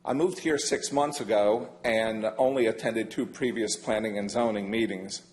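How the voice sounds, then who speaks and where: An older man giving a formal public comment at a county meeting, measured and emphatic, leaning hard on key words. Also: on the low side, fairly even intonation, a little mellow. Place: county council chamber.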